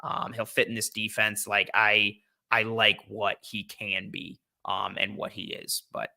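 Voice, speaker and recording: A young man hosts a loose football draft chat, thinking aloud with plenty of ums and restarts. His voice is lowish and strikingly bright. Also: flat delivery, a little slow, vocal fry. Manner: rambling, lots of fillers and restarts, hums to himself while thinking. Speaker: podcast host. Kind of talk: casual draft-analysis chat.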